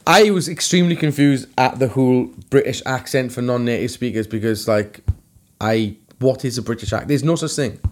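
A Welsh man with a strong Welsh accent co-hosting a casual chat show. He talks bluntly with plenty of swearing and cuts in over his partner. His voice sits at an ordinary middle pitch for a man. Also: fairly even intonation, fairly quick. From Wales. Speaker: co-host.

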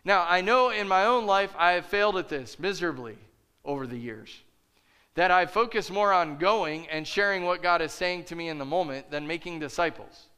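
A man's voice: high-pitched, moderate pace, pushed and bright, smooth. A man pastor preaching a sermon with emphatic, repeated phrases.

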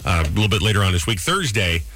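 A man hosting a morning radio show, bantering and ranting in a joking, lively way. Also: low voice, fast talker.

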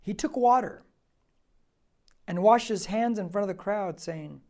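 A male pastor teaching a Bible passage verse by verse, emphatic, posing rhetorical questions and swinging between quiet asides and loud, stressed points. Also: high voice, measured pace, long pauses.

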